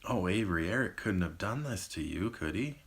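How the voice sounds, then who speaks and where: A man's voice: low voice, lively intonation, a little fast. A man voicing a worried mother pressing her teenage daughter with urgent questions, in a raised voice. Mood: alarmed. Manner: pleading then demanding.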